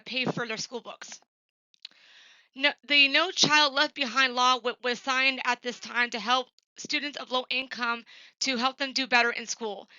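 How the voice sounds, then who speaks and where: Bright high-voiced woman giving a class presentation. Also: smooth, no echo, muffled recording. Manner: plain, earnest delivery with frequent ums and uhs. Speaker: student presenting an assignment.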